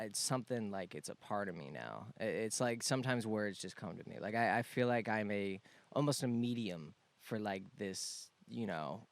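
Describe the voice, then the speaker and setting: A young man chatting casually as a podcast guest, laid-back and joking. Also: fairly low pitch. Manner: laid-back, joking, slips into silly put-on accents.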